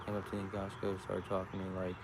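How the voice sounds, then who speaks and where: A man's voice: low-pitched, completely flat delivery, very fast. A man casually chatting on a livestream outdoors, joking and waving at passing traffic. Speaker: farm livestreamer. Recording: outdoor street noise, passing cars.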